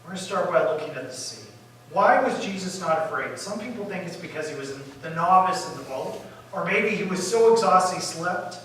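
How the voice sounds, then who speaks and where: A male pastor telling a story in a sermon, lively and animated, acting out the disciples' panic and dropping to quiet asides. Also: high-pitched, fairly quick, a little hiss or hum. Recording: echoey room from far off.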